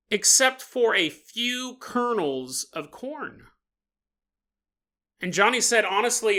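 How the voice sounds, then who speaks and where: Lively, laughing male podcast host. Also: high-pitched. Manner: animated, laughs often, acts out bits. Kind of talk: comic storytelling monologue.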